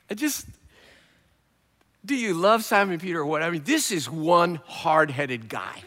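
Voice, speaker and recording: A male guest preacher delivers a sermon with animated, humorous storytelling. His voice is high and bright, and it rings with the long echo of a large church hall. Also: slow pace, long pauses.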